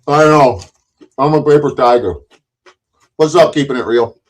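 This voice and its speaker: A man's voice: medium pitch, moderate pace, a little mellow. A man hosting a livestream, taunting guests and trading profane insults in a combative argument. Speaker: livestream host.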